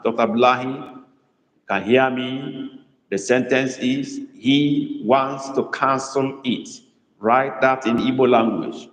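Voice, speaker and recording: A man teaching a live online language class, dictating sentences slowly and praising students. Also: medium pitch. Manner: slow drawn-out dictation, lively praise. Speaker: language tutor. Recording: echoey room with long reverb.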